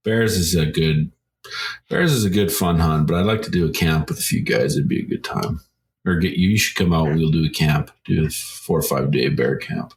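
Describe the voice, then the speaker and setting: A man's voice: a bass voice, moderate pace, a little hiss or hum. A Canadian man co-hosting a podcast, talking in a laid-back, casual way and swearing now and then. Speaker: podcast co-host. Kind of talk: casual chat.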